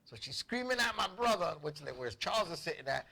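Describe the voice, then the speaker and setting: Casting: comedic male host, bright and sharp tone, loose and profane storytelling. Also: a little high, a little fast, vocal fry. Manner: animated, profane, acts out family members' voices. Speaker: show host.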